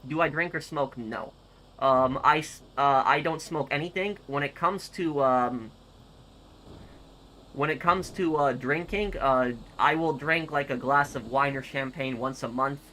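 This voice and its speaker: A man streaming and reading comments aloud in casual chat, halting and repeating words as he goes. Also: medium pitch, bright, forceful tone, slight background noise, low-quality recording.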